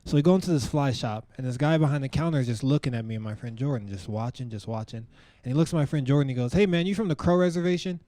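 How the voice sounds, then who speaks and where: A man's voice: medium pitch, fast, dark tone, no echo. A male stand-up comedian talking to a live audience on stage in a conversational style, full of asides like "you know" and "like".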